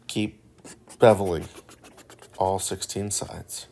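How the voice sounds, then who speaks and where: A man narrating a woodworking build in a relaxed, rambling voice-over, joking and poking fun at himself. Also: low-pitched, moderate pace, creaky, heavy background noise. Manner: joking and self-deprecating; relaxed and rambling with filler words. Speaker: woodworking channel host.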